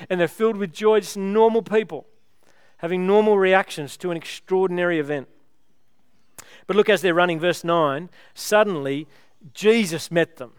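A man's voice: high-pitched, clean tone, no echo, studio quality. A man preaching a sermon, retelling a story with rhetorical questions in a conversational way.

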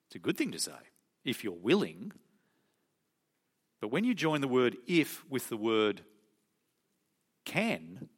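Lively-pitched male preacher. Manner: expressive, acts out quoted speech with sudden soft asides. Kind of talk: sermon.

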